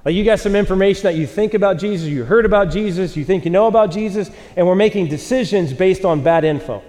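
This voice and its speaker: A man in his forties preaches a sermon in a church auditorium with a live audience, and his voice sits high. He tells a self-mocking story in a loose, casual way and acts out the quotes. The sound carries a long reverb from the big hall. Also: fast, a little mellow. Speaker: pastor.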